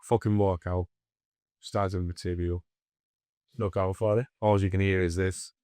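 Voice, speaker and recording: A man's voice: low voice, normal speed, no echo, studio quality. A man, telling stories as a comedian co-host of a casual podcast, swearing constantly. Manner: swears constantly, animated anecdotes. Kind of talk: casual storytelling chat.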